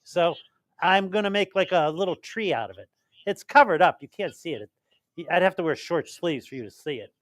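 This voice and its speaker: A man's voice: high voice, animated, fairly quick, no room sound. Older man hosting, close dry studio sound. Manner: chatty, tells stories with acted-out quotes. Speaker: radio show host giving legal advice. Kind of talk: call-in advice and casual storytelling.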